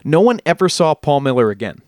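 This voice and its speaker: A man's voice: a little high, very animated, brisk, darkish tone, dry recording. Chatty rambling male podcast host. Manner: rambling, self-correcting, chatty with jokey asides. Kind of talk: casual storytelling podcast chat.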